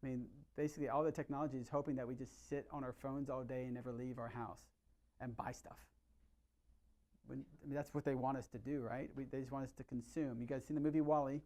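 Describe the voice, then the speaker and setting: A middle-aged man, a chiropractor, giving an energetic, conversational health talk to his patients and often asking them questions. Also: medium pitch, fast talker. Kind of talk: live workshop talk to patients.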